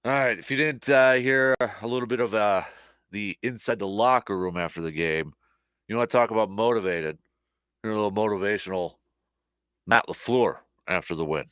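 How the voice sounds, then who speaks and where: A man hosting a casual sports talk show, rambling and animated, with lots of fillers and restarts, a little short on sleep. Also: fairly low pitch, normal speed, clear, resonant tone, no echo, studio quality.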